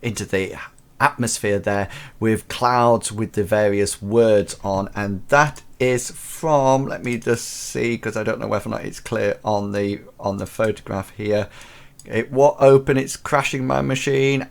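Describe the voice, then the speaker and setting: A man's voice: lowish voice, steady tone, measured pace, vocal fry, clear, resonant tone. A man hosting a casual live show, chatting enthusiastically with many fillers and restarts. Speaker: host of a teacher-training live show.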